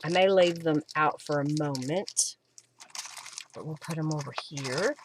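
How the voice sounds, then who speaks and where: A woman's voice: low voice, unhurried, background noise. A woman hosting a live crafting demonstration at home, chatting and thinking aloud with fillers as she works. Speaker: craft host.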